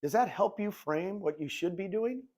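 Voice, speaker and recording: An older man in his sixties presenting to a room of real estate agents. He talks like a goofball, telling stories and acting out both sides of his conversations. His voice sits a little high. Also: moderate pace. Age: 60s. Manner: animated storytelling, acts out dialogue; jokey self-described goofball. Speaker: real estate recruiter and coach.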